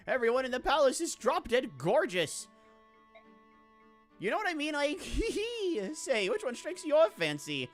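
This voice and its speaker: A cocky young mercenary gushes and leers, brash and excitable, as a woman puts him on. His voice bounces up and down in pitch, like a video game character read aloud.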